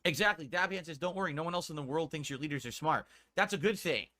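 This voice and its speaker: A man from the United States rants on a stream in a higher-than-usual, bright, pushing voice. He sounds indignant and swears freely. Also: fast. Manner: indignant, profane ranting. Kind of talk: ranting commentary on a stream.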